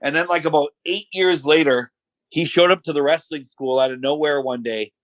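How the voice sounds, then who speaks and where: A man's voice: fairly high pitch, normal speed, no room sound, rough recording. A middle-aged man telling stories in a casual chat, acting out quotes in voices and saying "like" and "you know" often. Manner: animated storyteller who acts out quotes in voices; filler-heavy, says "like" and "you know" often. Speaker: podcast guest.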